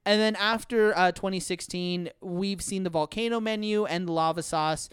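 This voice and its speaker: A man's voice: sits high, fairly even intonation, moderate pace, clean tone, no room sound, clean studio sound. A man hosting a casual podcast chat, rambling with lots of fillers and frequent laughs. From United States. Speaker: podcast host.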